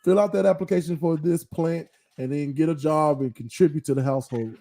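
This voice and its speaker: A man's voice: a little high, brisk, vocal fry, dark tone. A middle-aged man co-hosting a podcast, talking earnestly and often checking in with "right?". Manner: earnest, repeats points, asks "right?" often. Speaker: podcast co-host. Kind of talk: casual chat.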